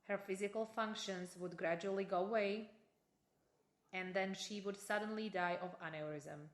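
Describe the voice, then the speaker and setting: A woman narrates in a measured, factual way at an ordinary pitch. The recording has a noticeably roomy sound around her voice. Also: fairly even intonation. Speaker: documentary narrator. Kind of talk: scripted narration.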